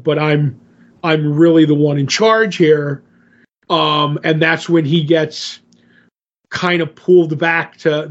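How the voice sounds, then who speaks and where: A man casually recapping a comic book story on a podcast, rambling and loosely paraphrasing the characters' lines. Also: a little high. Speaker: podcast co-host. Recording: muffled lo-fi podcast audio.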